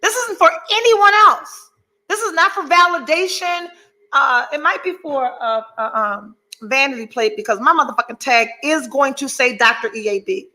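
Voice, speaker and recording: A woman's voice: sits high, moderate pace, pushed and bright, poor audio. A middle-aged woman hosting a podcast, giving a candid motivational monologue, blunt and profane, emphatic, with rambling asides. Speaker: podcast host.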